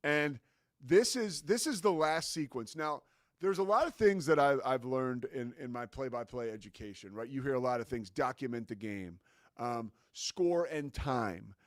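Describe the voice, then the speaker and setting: A man's voice: mid-range voice, normal speed, no room sound, studio quality. A man hosting a sports talk show, talking about broadcasting in an enthusiastic, casual way with many fillers.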